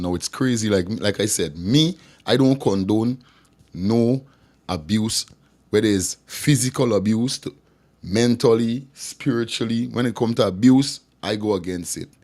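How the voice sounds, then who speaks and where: A man's voice: fairly low pitch, moderate pace, darkish tone. A man hosting a call-in show, talking loosely to viewers and repeating "you know what I mean". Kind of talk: casual commentary to viewers.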